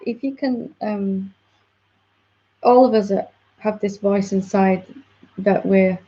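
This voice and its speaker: A woman's voice: medium pitch, fairly even intonation, takes it slowly, warm tone. A woman spiritual teacher patiently explaining to a student in a reflective satsang dialogue. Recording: dull lo-fi audio.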